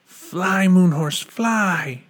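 A man voicing an eager, gentle young child in a bedtime story, speaking with soft wonder and excitement. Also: sits high, takes it slowly, breathy edge, pitched above the performer's own voice, exaggerated voice. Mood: excited.

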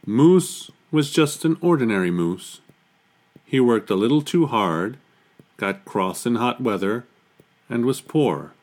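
A man reading a children's picture book aloud in an unhurried, expressive storytelling manner. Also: medium pitch.

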